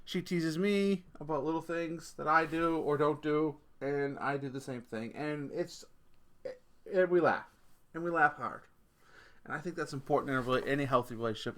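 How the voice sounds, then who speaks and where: A Canadian man in his forties hosts a podcast, his voice fairly high and fairly bright. He rambles through stories in a loose, chatty rant, laughing a lot and swearing offhandedly.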